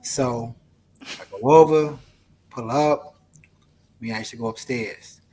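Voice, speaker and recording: A man's voice: medium pitch, slow, warm tone, a little hiss or hum. A man as an interview guest, telling a story in a laid-back, rambling way full of fillers. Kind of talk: casual storytelling.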